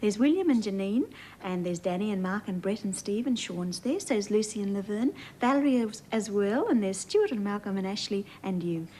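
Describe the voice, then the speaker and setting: Australian woman, children's TV host, gentle storybook reading, sing-song, faint hiss. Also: mid-range voice, animated, moderate pace, low-quality recording.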